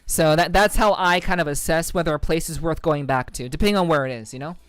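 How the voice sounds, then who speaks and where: A woman's voice: low voice, quick pace, smooth, no echo. Woman streamer from jersey rambling to chat, lots of restarts and swearing, dry close sound. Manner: rambling, stammering restarts, cheerfully profane. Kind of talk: casual chat with viewers. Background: faint music.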